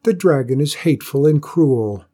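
A man voicing a brave young village maiden and healer, steady and resolute. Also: a little high, normal speed, breathy edge. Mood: determined.

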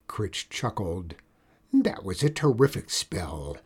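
Male storyteller, expressive and animated, breathy tone. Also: sits low. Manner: expressive, slow storybook reading. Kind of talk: reading a children's story aloud.

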